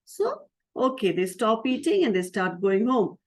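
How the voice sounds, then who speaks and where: A woman spiritual teacher tells a story to a group of children. Her voice is fairly high, and she keeps it lively by asking the kids questions as she goes. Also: measured pace. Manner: lively, asks the audience questions.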